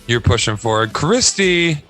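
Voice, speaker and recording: A man's voice: medium pitch, expressive, measured pace, a bit bright, faint music behind. An upbeat man from Ohio hosting a casual podcast chat, laughing often. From Northern Ohio. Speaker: podcast host.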